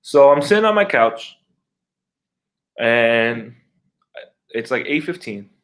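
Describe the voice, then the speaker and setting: A middle-aged man co-hosting a podcast, telling a long neighbor story in casual, profane, animated talk and acting out his own reactions. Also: medium pitch, slow. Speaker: podcast co-host.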